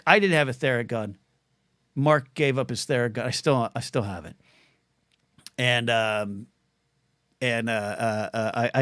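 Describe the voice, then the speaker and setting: In a medium-pitched, slightly bright voice with clean studio sound and no echo, a middle-aged man rambles through stories and viewer comments on his solo podcast livestream. He trips over and repeats words, growing emotional and choked up as he thanks his viewers.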